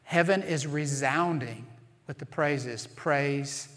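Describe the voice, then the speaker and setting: A man preaching a sermon as pastor, earnest and emphatic, slowing down to stress key phrases. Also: on the high side, fairly bright tone. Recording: long reverb of a large hall.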